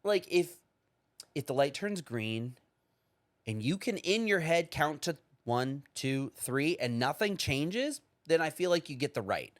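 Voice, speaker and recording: A man co-hosting a podcast, ranting in casual chat, profane and animated as he acts out other people. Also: fairly high pitch, unhurried, no room sound. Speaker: podcast co-host.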